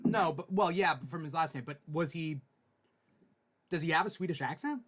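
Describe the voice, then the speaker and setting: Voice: medium pitch, normal speed, fairly bright tone. A podcast co-host chatting casually, jokey and trying out silly voices. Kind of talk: casual chat.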